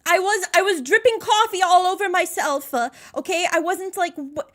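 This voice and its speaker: A woman's voice: very high-pitched, moderate pace. A young American woman streaming live, chatting casually, greeting viewers by name and laughing at herself. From United States.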